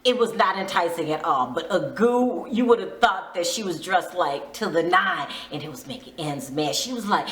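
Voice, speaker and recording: A woman's voice: on the low side, animated, moderate pace, hardly any pauses, fairly bright tone. A woman vlogger giving a chatty, dramatic, gossipy recap. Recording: roomy echo.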